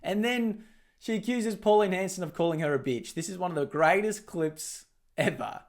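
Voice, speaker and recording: A man's voice: sits high, normal speed, background noise. An Australian man hosting a commentary video, talking casually and mockingly over clips. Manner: mocking, sarcastic, laughs at clips. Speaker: political commentary host.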